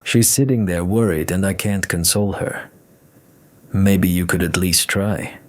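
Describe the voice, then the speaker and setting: A man's voice: deep voice, unhurried. A man voicing a friendly, chatty young female student in a story.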